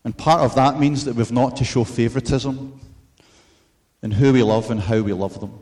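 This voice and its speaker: A man preaching a sermon in an earnest, measured way, mixing in storytelling asides. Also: medium pitch, darkish tone.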